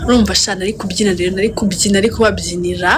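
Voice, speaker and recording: A woman telling a story in a casual interview, excitable, switching between languages and laughing often. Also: mid-range voice, racing, noisy background.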